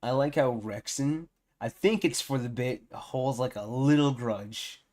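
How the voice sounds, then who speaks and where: A man streaming his reaction to a video in a relaxed, rambling way. He takes his time, drifting between thoughts with plenty of fillers and little amused remarks. His pitch sits in an ordinary middle range. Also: unhurried. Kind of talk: casual reaction commentary.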